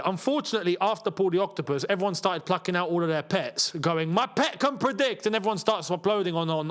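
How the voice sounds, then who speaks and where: A young man hosting a live football watchalong, chatting casually and reacting loudly to chances on the pitch. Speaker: football channel host. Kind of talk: live match watchalong chat.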